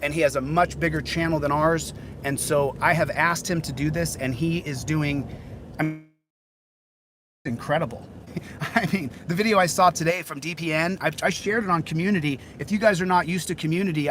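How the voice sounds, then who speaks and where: A man's voice: fairly high pitch, brisk, a bit bright, a little hiss or hum, poor audio. A man hosting a casual livestream outdoors, hot and sweating, talking in a rambling way with many repeated phrases. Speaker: livestreaming channel host. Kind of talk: casual live-stream chat.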